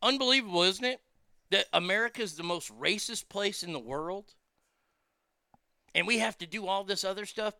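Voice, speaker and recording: Gravelly, bright-voiced ranting man. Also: sits high, no room sound, clean studio sound. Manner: profane, sarcastic, heated; repeats words when worked up. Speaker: commentary show host. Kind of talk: ranting political commentary.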